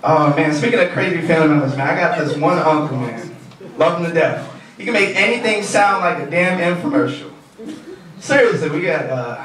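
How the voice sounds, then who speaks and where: A young man doing a loose, profane stand-up set on a comedy club stage. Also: on the high side. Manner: loose, profane, animated storytelling. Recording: echoey club heard from a distance. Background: laughing crowd.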